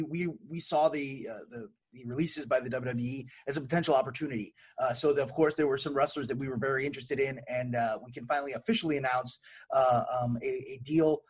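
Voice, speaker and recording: A man, a wrestling promoter from Brazil, talking in a casual podcast chat, upbeat but halting with fillers. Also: medium pitch, slightly rough. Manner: energetic, joking, then halting with fillers.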